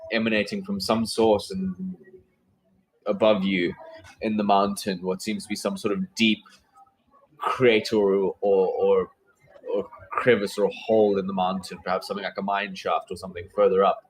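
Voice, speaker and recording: Guy game master, kinda low voice, rambles and restarts a lot describing the scene. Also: little pitch movement, normal speed, low-quality recording. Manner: searching for words, many fillers and restarts. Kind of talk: narrating a tabletop game.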